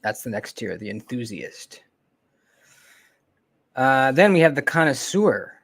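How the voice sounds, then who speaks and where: A man chatting casually on a live stream, close to his desk microphone. His pitch sits in an ordinary middle range, and he rambles, pauses often and lets his sentences trail away. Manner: relaxed, rambling, lots of ums and trailing off. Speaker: knife channel host. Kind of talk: casual livestream chat. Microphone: close desk mic.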